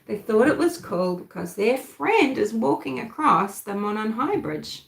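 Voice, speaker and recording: A woman from New Zealand with a softened New Zealand accent, hosting a casual true-crime livestream and chatting with viewers. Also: fairly high pitch, sing-song, a little slow, vocal fry, reverberant, low-quality recording. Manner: chatty, thinks aloud, answers live chat. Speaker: livestream host.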